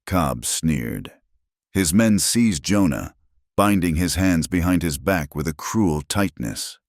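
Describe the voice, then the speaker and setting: A man narrating a story in a steady, measured scripted style. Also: a bass voice, no room sound, studio quality.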